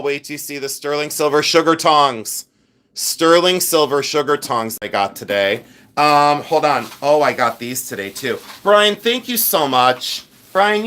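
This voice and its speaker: A man's voice: medium pitch, fairly bright tone. A middle-aged man hosting a live stream, chatting with viewers and thanking them by name in an effusive, rambling way. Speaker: livestream host selling vintage jewelry.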